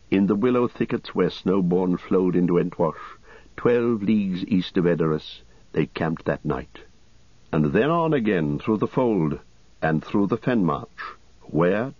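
A man reading an audiobook as narrator in a steady, measured way. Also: low-pitched, slightly rough, dry recording, muffled recording. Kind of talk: scripted narration.

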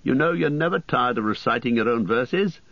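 A man's voice: medium pitch, animated, moderate pace, no room sound. A man doing a teasing, lighthearted elf. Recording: dry, slightly muffled studio audio.

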